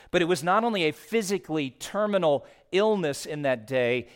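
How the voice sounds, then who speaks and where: A male pastor delivers a sermon in a somewhat high voice. He shifts between quiet, low passages and raised, emphatic ones. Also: clean tone. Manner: expressive preaching, swinging from hushed to raised.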